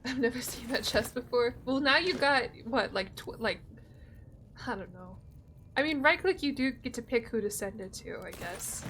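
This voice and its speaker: A woman's voice: a little high, lively intonation, normal speed, fairly bright tone, slight background noise. A young woman streaming a game, chatting casually with her viewers and swearing freely. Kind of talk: casual gameplay commentary.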